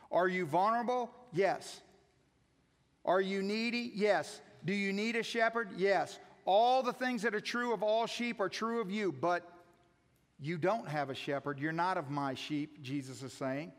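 A man, a pastor, preaching a sermon, putting many questions to his listeners and moving between raised emphasis and soft asides. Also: sits high, a little slow. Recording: long reverb of a large hall.

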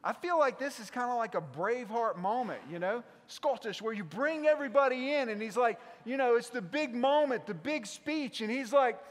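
A man with a South Mississippi drawl preaches with a fairly high voice. He surges loud and then drops to near hush. The sound rings with a long church-hall reverb. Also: lively intonation, moderate pace, hardly any pauses. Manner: impassioned preaching, swinging from loud to hushed. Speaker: pastor. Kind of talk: sermon.

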